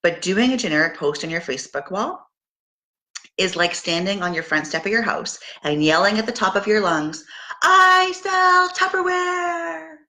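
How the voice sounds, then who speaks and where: Middle-aged Canadian woman, sales team leader, low voice with a bright edge, upbeat and full of fillers. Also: normal speed. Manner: upbeat coaching, many fillers and restarts. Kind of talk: casual motivational talk.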